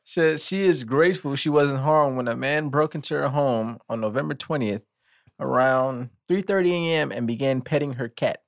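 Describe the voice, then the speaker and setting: A man's voice: medium pitch, normal speed, creaky. A man co-hosting a casual podcast, reading a news story aloud with dry comic timing.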